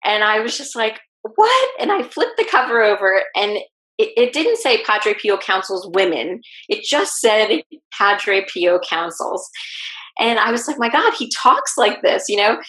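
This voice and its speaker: A woman guest telling a personal story in an interview, lively and acting out what people said. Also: mid-range voice, unhurried. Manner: animated, acts out quoted speech. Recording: roomy echo.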